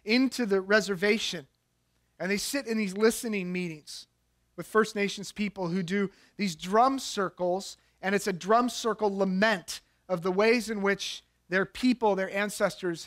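A middle-aged pastor delivering a sermon with a high, light male voice. He talks like he's chatting with friends, building up to lively, animated storytelling when he recounts anecdotes. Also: normal speed.

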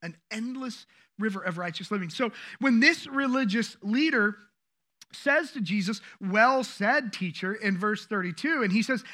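A man preaching a sermon as pastor, animated and joking with the congregation. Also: high-pitched, normal speed. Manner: animated, acts out quoted voices, jokes with the congregation.

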